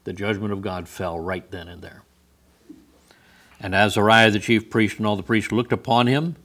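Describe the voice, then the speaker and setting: A man's voice: on the low side, steady tone, normal speed, fairly bright tone. A man preaching a sermon who reads scripture aloud and comments on it with wry humor.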